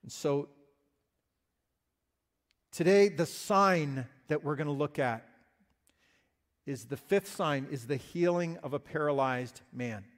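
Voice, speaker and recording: A male pastor preaches an earnest, explanatory sermon in a high voice. He speaks slowly, often restarting and repeating phrases as he works through a point. His voice rings out with a long reverb, as in a large church hall.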